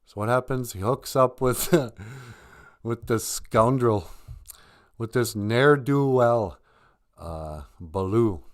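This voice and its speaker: A man's voice: medium pitch, slow pace, pauses often. Rambling man in his fifties, laughing often. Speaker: live-stream co-host. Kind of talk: casual chat, storytelling.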